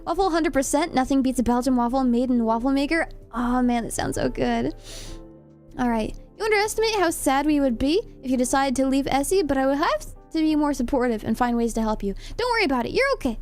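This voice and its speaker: Young female streamer, high bright voice, casual and giggly chat with viewers. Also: animated, a little fast, faint music behind. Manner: giggly, chatty, reads chat aloud.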